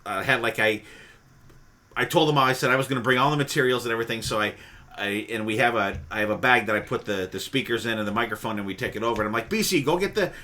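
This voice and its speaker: A man's voice: fairly low pitch, fairly even intonation, quick pace, bright, forceful tone. A man hosting a podcast in casual chat, rambling with frequent restarts and casual swearing. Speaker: podcast host.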